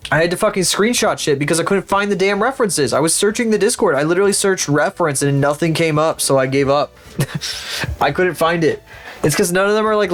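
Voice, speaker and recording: A man streaming live, chatting casually and with lots of swearing while he works through 3D rigging and talks to his viewers. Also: on the high side. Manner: profane, rambling, sarcastic, talks to viewers.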